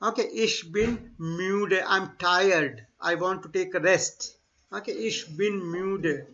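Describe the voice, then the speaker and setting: In this remote-sounding German class, a man with a bright, high voice models phrases slowly and several times over. He then explains them in a mix of English and Hindi, all through muffled, low-fidelity audio.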